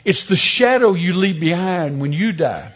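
High, husky-voiced man preaching. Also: very animated, moderate pace, fairly bright tone, highs cut off. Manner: storytelling with humor, emphatic preaching. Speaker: pastor. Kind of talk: sermon.

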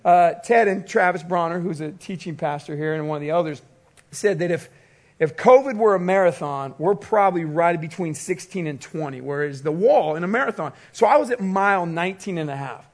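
A man pastor preaching a sermon, telling a personal story with animated storytelling and quoted voices. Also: high-pitched, brisk.

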